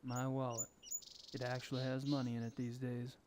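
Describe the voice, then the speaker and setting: A man's voice: medium pitch, completely flat delivery, moderate pace, noisy background, close to an everyday voice. An actor playing a weary, wry male detective in a video game, delivering lines drily. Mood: dry.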